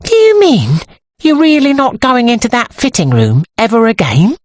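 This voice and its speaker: A woman with an English accent voicing an anxious, easily frightened woman assistant in an audiobook, in a high, fretful, breathy voice. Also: very animated, a little slow, no room sound, studio quality. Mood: uneasy. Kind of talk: audiobook character voice.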